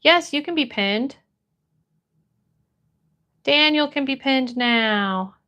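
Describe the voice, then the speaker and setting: A high-voiced young woman hosting a relaxed live stream. She talks at an unhurried pace, reading chat and greeting each viewer with a bubbly lift in her voice.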